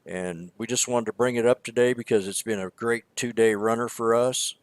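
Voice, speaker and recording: A stock trading show co-host offers casual market commentary in a rambling, emphatic way, repeating words often. His mid-range voice keeps a steady tone at normal speed, with no echo.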